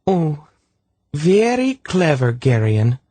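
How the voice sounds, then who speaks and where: A petulant young woman in a sickbed sulks and snaps with sarcasm, her pitch swinging widely. A man reads her in a raised, slightly husky voice. The audiobook sound is close and dry. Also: very animated, normal speed, no echo, exaggerated voice. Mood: defiant. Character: sulky, sharp-tongued young woman stuck in a sickbed. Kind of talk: audiobook character voice.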